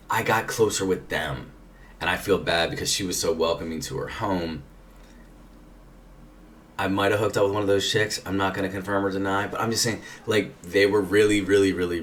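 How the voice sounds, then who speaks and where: A man with a low, slightly bright voice rambles casually through a long personal story, swearing often and filling it with "like"s. The mic is distant, with faint background noise behind him.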